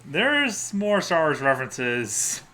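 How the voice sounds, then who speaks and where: A man's voice: on the high side, sing-song, slow, pushed and bright. A man guest on a podcast, adding film trivia in casual chat. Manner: trivia asides.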